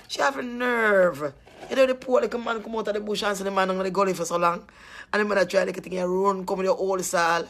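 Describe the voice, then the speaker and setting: A woman's voice: mid-range voice, a bit bright. A woman chatting casually with her viewers, teasing and laughing often.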